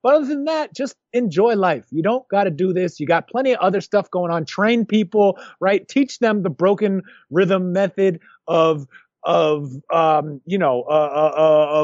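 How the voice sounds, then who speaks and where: Brief: male podcast co-host, high voice, dry close mic, dull tone, jokey and animated. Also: no echo. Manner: animated, jokey, restarts often. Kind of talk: casual chat.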